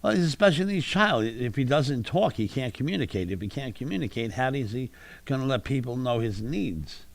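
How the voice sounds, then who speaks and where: A man's voice: medium pitch, expressive, a little fast, creaky, dry recording. A man co-hosting a live stream, chatting casually and teasing. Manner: joking, teasing, does mock impressions. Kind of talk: casual chat.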